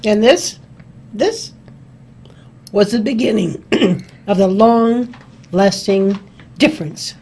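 Dry pioneer wife, slow unhurried talk, faint hum behind, as a woman plays her. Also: mid-range voice, animated, warm tone. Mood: wry. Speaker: costumed history performer. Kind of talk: in-character historical chat.

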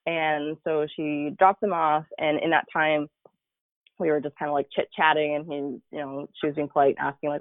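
A woman guest telling a personal story in a conversational interview, animated and laughing, with lots of casual fillers. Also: deep voice, normal speed, no room sound. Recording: tinny phone-like dry remote audio.

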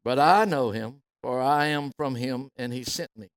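A man preaching, reading scripture calmly and then building into loud, slow, emphatic preaching. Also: mid-range voice, no room sound.

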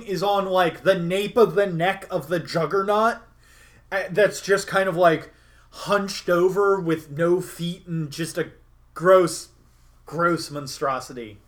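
A young man casually retelling a tabletop game session in a loose, rambling way, with many fillers and restarts. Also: sits high. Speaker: podcast host recapping a game session. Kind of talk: casual storytelling recap.

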